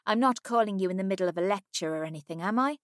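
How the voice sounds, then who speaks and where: A woman reading an audiobook voices a lively, giggly young Irish woman who talks eagerly and fires off questions. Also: mid-range voice, no room sound, clean studio sound, close to an everyday voice. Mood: excited. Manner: eager, teasing, rapid questions. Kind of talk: audiobook character voice.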